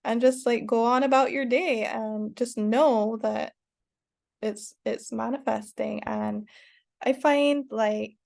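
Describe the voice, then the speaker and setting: Woman, online course teacher, casual rambling lesson, slightly high voice, gravelly fry, many fillers. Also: slow pace. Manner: rambling, many fillers and restarts, bursts of excited cheering.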